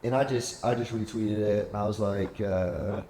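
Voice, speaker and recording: A man's voice: fairly low pitch, fairly even intonation, moderate pace, dark tone. A man hosting a casual chat, telling rambling stories and acting out what others said. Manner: rambling storyteller, acts out quoted talk. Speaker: podcast host. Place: penthouse apartment. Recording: echoey room, faint background hum.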